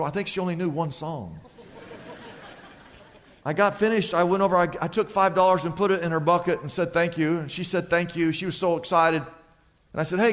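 A man preaching a sermon as a pastor, telling stories in an animated way and swinging from loud to quiet. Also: sits high, in a large hall.

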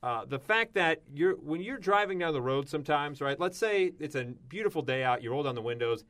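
A man co-hosting a casual show, telling odd news stories with big bursts of excitement. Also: on the high side, brisk. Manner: animated storytelling with sudden loud exclamations. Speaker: radio show co-host.

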